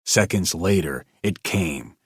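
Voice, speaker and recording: A man narrating an old-time radio style story with expressive storytelling. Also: sits low, slow pace, husky, dry recording, studio quality.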